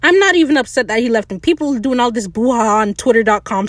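A woman hosting a podcast, recapping a TV episode in a casual, excitable rant, swearing freely and talking straight to her listeners. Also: on the high side, a little fast, hardly any pauses, dry recording, studio quality.

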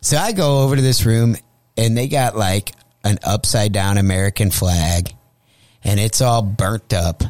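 A man's voice: fairly low pitch, unhurried, dry recording. A male comedian telling a profane comic story as a guest, acting out the voices he quotes. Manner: animated, acts out quoted voices. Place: radio studio.

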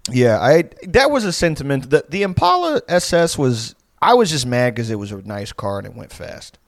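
A man's voice: medium pitch, very animated, normal speed, gravelly, no echo. Rambling, profane young man, dry close sound. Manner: rambling, profane storytelling with frequent fillers. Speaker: podcast co-host. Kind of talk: casual chat.

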